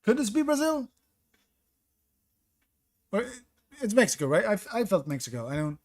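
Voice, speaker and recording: A high-voiced, very animated man streams a geography guessing game at normal speed. He thinks aloud, questions his guesses, and responds to his chat.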